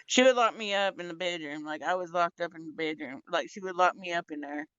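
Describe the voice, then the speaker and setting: A woman's voice: on the low side, brisk, fairly bright tone, clear, resonant tone, no echo, dull audio. A young woman in casual, candid chat, blunt and rambling, swearing a lot. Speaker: podcast co-host.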